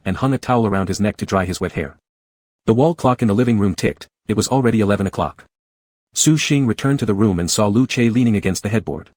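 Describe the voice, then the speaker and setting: A man reading a romance story aloud in steady, measured scripted narration. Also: on the low side, dry recording. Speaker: audiobook narrator.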